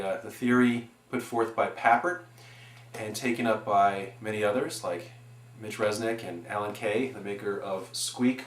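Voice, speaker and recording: A man in his forties giving an earnest, animated presentation on education, building his points with examples. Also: fairly low pitch. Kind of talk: explanatory presentation. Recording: echoey room.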